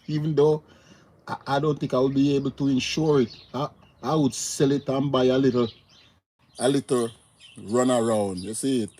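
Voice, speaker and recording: A man's voice: medium pitch, dark tone. A man with a Jamaican accent hosting a casual livestream, greeting viewers by name and laughing easily. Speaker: livestream host. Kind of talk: casual live chat reading viewer comments.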